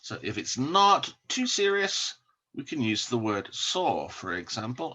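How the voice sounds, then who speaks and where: Man, English teacher, slow careful delivery, lively up-and-down pitch. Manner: slow, repeats each word for learners to copy. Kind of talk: recorded vocabulary lesson.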